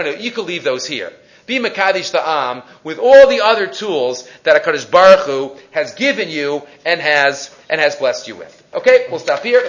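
Male Torah teacher, high and animated, keeps asking the class questions. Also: highs cut off. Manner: animated, rhetorical questions, Hebrew terms.

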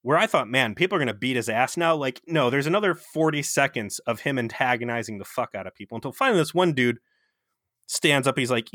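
A man co-hosting a casual podcast, retelling a TV episode in a profane, animated way. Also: mid-range voice, quick pace, dry recording, clean studio sound. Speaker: podcast co-host. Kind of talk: casual chat, TV episode recap.

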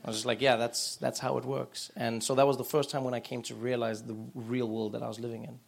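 A man, a guest author and comedian telling animated stories in a live on-stage conversation. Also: mid-range voice, fast talker, creaky. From South Africa. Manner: animated storytelling. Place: live event room.

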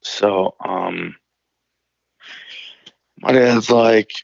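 A man's voice: on the low side, extremely slow, vocal fry, no echo, lo-fi sound. A man from Illinois, calling in to a show, telling a story casually, rambling and swearing with many restarts. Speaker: caller telling stories.

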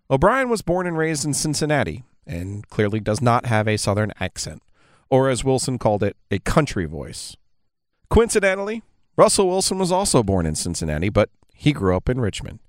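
A man's voice: mid-range voice, big pitch swings, normal speed, dry recording. Dry-voiced male podcast narrator. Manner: pointed, critical. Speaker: podcast host. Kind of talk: scripted narration.

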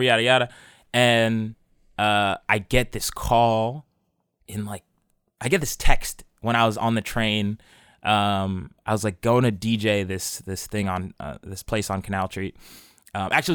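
A man's voice: lowish voice, fairly bright tone, smooth, no room sound, clean studio sound. Young man rambling through a story. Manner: rambling, laughing storytelling full of fillers. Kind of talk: casual chat.

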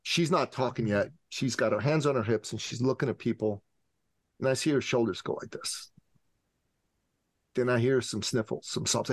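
A man in his forties from the Middle East, a podcast guest and business coach telling an animated, dramatic story. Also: on the low side, moderate pace, no echo. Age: 40s. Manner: dramatic, acts out scenes with voices.

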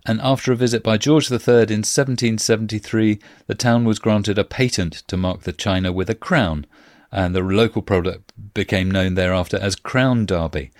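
A man's voice: fairly low pitch, darkish tone, no echo. Man reading facts in a dry room. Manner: reads facts steadily with frequent "uh" fillers and dry asides. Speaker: podcast host. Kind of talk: casual podcast chat, reading out facts.

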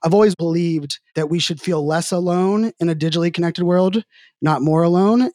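A man's voice: on the high side, normal speed, mellow, no room sound, clean studio sound. A middle-aged man telling stories as a podcast guest in a casual, rambling way, leaning on the word "like" again and again. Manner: rambling, heavy use of filler "like". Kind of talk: casual conversational storytelling.

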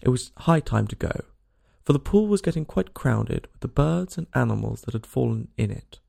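A man narrating a children's storybook aloud in an expressive, lilting reading style. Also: medium pitch, moderate pace, creaky.

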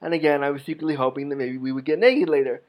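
Speaking a little high and fast, a man tells personal stories to an audience in a frank, humorous talk with a wry edge.

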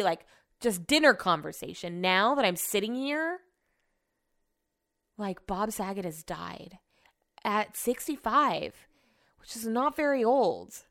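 A woman's voice: medium pitch, lively intonation, slow, pauses often, fairly bright tone. A young woman hosting a podcast alone from her home office, talking casually and rambling with lots of "like", sounding shaken and subdued. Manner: chatty, rambling, says "like" often. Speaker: podcast host. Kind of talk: casual solo podcast chat.

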